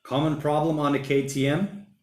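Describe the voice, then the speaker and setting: His voice sits on the high side, delivered flatly at an ordinary speed, and the room around him echoes. The man is hosting a laid-back livestream at home during lockdown, wandering through chatty talk and viewer comments with slang like "mate" and "bloody."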